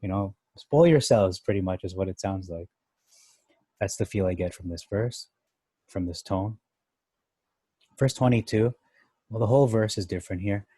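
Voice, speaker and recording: A man's voice: lowish voice, moderate pace, long pauses, warm tone, husky, no echo. A man teaching through a Bible chapter, thinking aloud as he reads and explains verses, comparing translations. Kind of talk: casual Bible study commentary.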